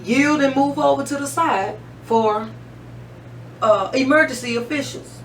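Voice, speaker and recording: Earnest woman hosting talk radio. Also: high-pitched. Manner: earnest, halting, many fillers. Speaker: radio show host. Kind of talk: casual talk radio chat. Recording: roomy, distant mic with faint hum.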